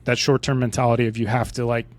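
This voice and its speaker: A man's voice: mid-range voice, level tone, fast. A man in his forties with an American accent, a podcast guest telling his story in a casual, conversational way, often checking in with "right?". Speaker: podcast guest, retired Army pilot.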